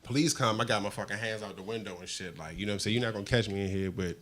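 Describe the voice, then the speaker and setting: A man co-hosting a podcast, telling a story in an animated, profane way with streetwise slang, often asking "you know what I'm saying?". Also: lowish voice, very fast. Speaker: podcast co-host. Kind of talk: casual storytelling.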